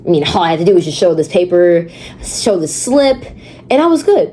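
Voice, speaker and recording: A teenage girl telling a story on her vlog, dramatic and animated, repeating words for effect. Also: lowish voice, fairly quick, slight background noise. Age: teens. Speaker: vlogger. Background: background music.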